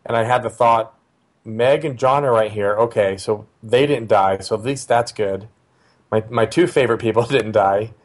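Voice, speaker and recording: Low-voiced father telling a family story. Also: moderate pace. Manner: conversational, hesitant with fillers and restarts. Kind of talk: casual personal storytelling.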